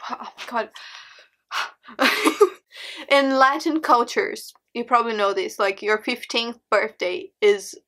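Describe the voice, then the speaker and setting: A woman's voice: on the high side, steady tone, slow pace, fairly bright tone. A young woman whose first language is Portuguese, telling a dramatic storytime with frequent laughs and exclamations. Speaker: vlogger. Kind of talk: storytime vlog.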